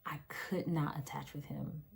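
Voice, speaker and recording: A woman's voice: deep voice, fairly even intonation, measured pace, gravelly, darkish tone, slightly rough, whispered. A woman and mother of three telling her own story into her phone's front camera, emotional and earnest, repeating phrases for emphasis. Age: adult, mother of three. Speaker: vlogger sharing a personal story. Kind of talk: personal testimony vlog.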